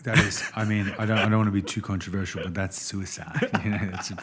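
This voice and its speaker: Australian male podcast guest, casual and lively, full of anecdotes. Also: lowish voice, fast, a little hiss or hum. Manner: animated storyteller, says "man" often. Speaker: restaurant executive guest.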